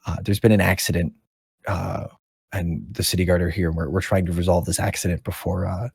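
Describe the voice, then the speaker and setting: A polite, weary city guard in a fantasy game, voiced by a man, apologizing softly in halting phrases. The voice is low and husky. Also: flat delivery, no room sound, clean studio sound, exaggerated voice. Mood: apologetic.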